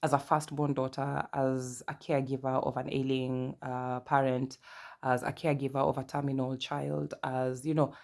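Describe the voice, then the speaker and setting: A woman from Kenya with a Kenyan accent, in her thirties, hosting a casual podcast and telling stories with lively asides. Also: rumbling low. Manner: chatty, animated storytelling with asides and quoted dialogue. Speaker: podcast host. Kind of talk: casual personal monologue.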